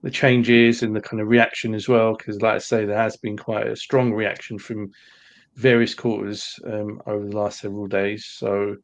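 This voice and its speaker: A man hosting a podcast, winding up with a measured, filler-laced delivery. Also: on the low side, flat delivery. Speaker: podcast host. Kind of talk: casual podcast chat. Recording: dull lo-fi audio.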